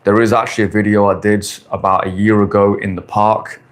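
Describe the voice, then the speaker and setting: A man in his forties with a fairly low voice, talking bluntly and crudely on a casual live stream. He speaks with brash confidence and drives his points home by saying them again and again. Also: flat delivery, fairly quick. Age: 40s. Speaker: dating coach streamer. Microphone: phone or camera on a stand.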